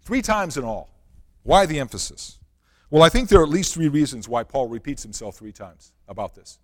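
A man's voice: a little high, big pitch swings, normal speed, big-room sound. A man preaching a sermon, reading scripture and asking the congregation earnest rhetorical questions. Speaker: pastor.

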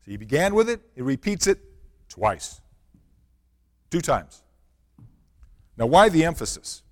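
A man's voice: fairly high pitch, sing-song, measured pace, big-room sound. A man preaching a sermon, reading scripture and asking the congregation earnest rhetorical questions. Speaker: pastor.

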